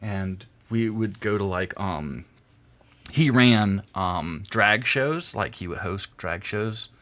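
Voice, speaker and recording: A man's voice: on the low side, lively intonation, slow pace, a bit bright. A young adult man chatting casually on a game stream, rambling through stories and laughing often. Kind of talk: casual gameplay stream chat.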